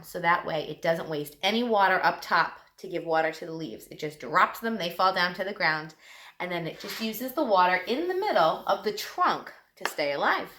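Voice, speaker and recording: Lady teacher talking to little kids, bouncy sing-song voice, bright tone. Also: fairly low pitch, echoey room. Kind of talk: classroom lesson for young children.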